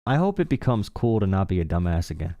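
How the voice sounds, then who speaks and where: A man's voice: deep voice, big pitch swings, fast, warm tone, no room sound. A young man hosting a casual political call-in stream, sarcastic and mocking. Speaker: livestream talk show host.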